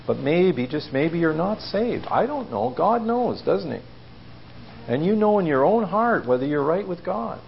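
Man preacher, gravelly and fairly high, casual sermon with lots of questions to the room, muffled lo-fi church recording. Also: a little hiss or hum. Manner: conversational, asks the listeners questions. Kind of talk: informal sermon.

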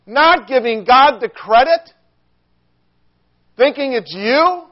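An older man preaches with fervent, emphatic force and a voice pitched high. The recording sounds dull and lo-fi, like old church audio. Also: animated, slow pace. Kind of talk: sermon.

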